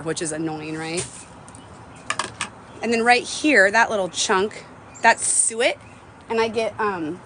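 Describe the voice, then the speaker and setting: A woman's voice: medium pitch, a bit bright, slight background noise. A woman in her forties chatting casually on a livestream from her phone, rambling and emotional, with casual swearing. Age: 40s. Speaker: livestream host. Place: home, stepping outdoors to a bird feeder.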